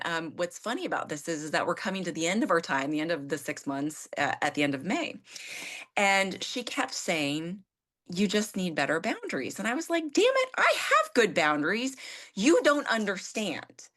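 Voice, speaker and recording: A woman in her fifties with a lowish voice talks candidly as a guest on a conversational show. She is animated and self-deprecating, and she jumps into acting out her own exasperated quotes as she tells the story. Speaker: therapist and coach guest.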